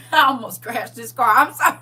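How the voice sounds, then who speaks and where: A woman hosting a livestream, talking in a casual, preachy, comic way, animated, laughing and teasing. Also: a little high, normal speed, recorded from a distance, a little hiss or hum. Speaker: livestream host.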